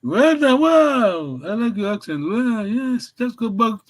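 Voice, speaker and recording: High-voiced encouraging male language teacher. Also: lively intonation. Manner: encouraging, praises students often; halting, repeats and restarts phrases.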